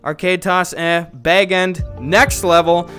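High-voiced, profane male streamer. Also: steady tone, slow pace, soft background music. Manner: loud, profane and jokey. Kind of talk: casual livestream chat.

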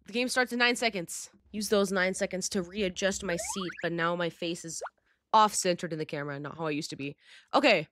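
Here a young female gaming YouTuber talks through her play in a bubbly, over-the-top, slang-heavy way, now and then letting out a squeal. Her voice is on the low side, slightly bright and at a normal speed, captured dry with studio quality.

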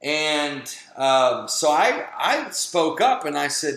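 A man in his thirties tells a personal story in a motivational talk, with a forceful, bright tone and a slightly high pitch. He acts out the people he quotes. The recording has a noticeable echo of the room. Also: slow, few pauses. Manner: animated storyteller, acting out quoted voices. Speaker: webinar speaker. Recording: echoey room.

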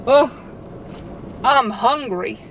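A woman's voice: fairly high pitch, very slow, low-quality recording. A young woman vlogging casually from inside a car, rambling with lots of fillers. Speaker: vlogger and tarantula keeper. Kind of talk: casual vlog chat. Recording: vehicle noise behind.

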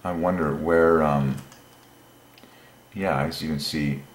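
A man hosting a channel, explaining an idea while thinking aloud, meandering and pausing often with fillers. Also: extremely low pitch, steady tone, echoey room, a little hiss or hum. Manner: musing, meandering, with many fillers. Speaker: channel host.

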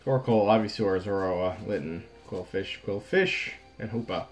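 A young man casually talking through opening trading card packs on a vlog, frustrated, swinging between low muttering and sudden outbursts. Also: measured pace. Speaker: card pack opener.

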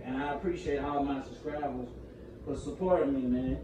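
A man's voice: medium pitch, normal speed, muffled recording, background noise. A man chatting casually to his channel, rambling in slang and laughing often as he jumps between topics, recorded on a phone. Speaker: gaming YouTuber. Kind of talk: casual vlog chat.

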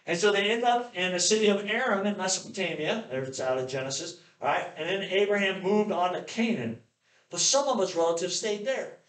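A pastor preaching a sermon, animated and playful, often acting out the voices of the people in his stories. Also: high voice, a little fast, echoey room.

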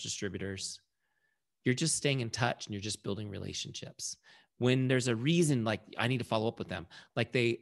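A man's voice: fairly low pitch, vocal fry. A man leading a casual sales training session, telling a story and acting out quoted lines in a conversational way.

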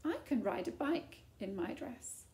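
A woman's voice: fairly high pitch, big pitch swings, a little slow, darkish tone. A woman voicing a spirited, defiant young princess in a children's story, boasting boldly. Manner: bold, determined boasting.

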